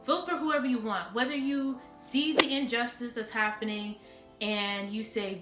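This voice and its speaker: A woman's voice: fairly high pitch, steady tone, unhurried. A woman vlogger talking straight to her viewers in a blunt, impassioned rant. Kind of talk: impassioned direct-to-camera rant. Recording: echoey room with background music.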